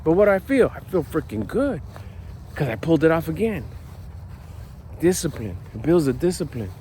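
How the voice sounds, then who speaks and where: Man, middle-aged, slightly high voice, blunt, animated, swears casually, outdoors at a park, faint traffic noise. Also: normal speed. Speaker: personal development vlogger. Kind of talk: casual motivational monologue.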